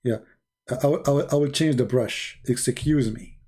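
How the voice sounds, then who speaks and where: Sarcastic man with dark voice. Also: mid-range voice, normal speed, husky. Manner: sarcastic, non-native grammar, shifts between loud and quiet. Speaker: online commentator. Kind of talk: mocking commentary.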